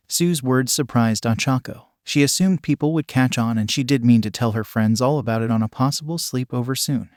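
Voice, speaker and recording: Guy reading a fanfic story, steady, dry mic, mid voice. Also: medium pitch, fairly quick, no room sound. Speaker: narrator. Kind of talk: scripted fan fiction narration.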